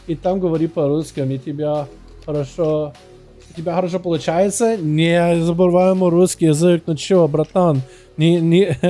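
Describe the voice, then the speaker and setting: Streaming live, a man with a slightly high voice chats with his viewers and commentates game duels in an energetic, hyped way.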